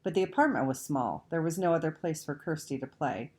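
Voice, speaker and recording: A woman reading a children's novel aloud, measured and expressive. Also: low-pitched. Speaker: audiobook reader. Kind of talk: storybook read-aloud narration.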